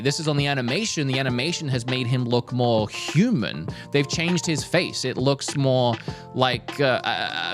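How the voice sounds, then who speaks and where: A young man talking casually and energetically, reviewing a movie trailer for his stream, with some restarts. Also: mid-range voice. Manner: lively, animated, frequent restarts. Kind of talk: casual commentary.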